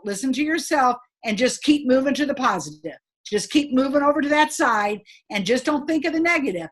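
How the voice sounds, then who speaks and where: A middle-aged woman giving an upbeat, emphatic motivational training talk to her sales team, chatty and quick to laugh. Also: high voice. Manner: laughs between points.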